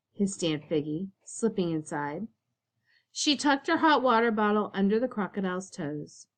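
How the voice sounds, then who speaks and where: A woman teacher reading a children's picture book aloud, expressive and storytelling. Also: medium pitch, normal speed.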